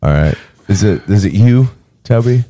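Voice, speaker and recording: A man's voice: lowish voice, lively intonation, normal speed, warm tone, roomy sound, big-room sound. A man co-hosting a comedy podcast, teasing his friends and laughing in casual banter. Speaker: podcast co-host.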